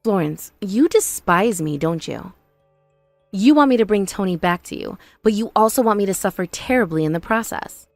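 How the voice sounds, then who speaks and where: A woman voicing a patient young bride in an animated story, calm, earnest and reasoning. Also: medium pitch, moderate pace, no echo, soft background music, lightly acted.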